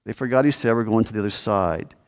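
A male pastor preaching a conversational sermon to his congregation, asking the room rhetorical questions and acting out desperate pleas before dropping to quiet, low asides. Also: quick pace. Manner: swings between raised pleading lines and low quiet asides.

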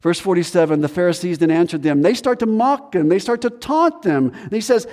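A man preaching a sermon as pastor, animated, acting out the voices of people in the story. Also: high voice, brisk, long reverb tail. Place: church sanctuary.

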